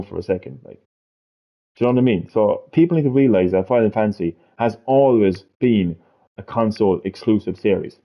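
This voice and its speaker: A man chatting on a gaming live stream, rambling, swearing freely and repeating himself. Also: mid-range voice. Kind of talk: casual live-stream chat. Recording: dull lo-fi stream audio.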